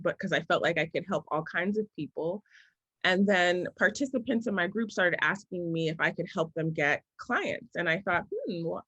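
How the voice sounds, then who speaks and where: A woman in her forties, a business coach, answering interview questions in a thoughtful, story-telling way that often slows down to make a point. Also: fairly low pitch, fairly bright tone, no room sound, poor audio.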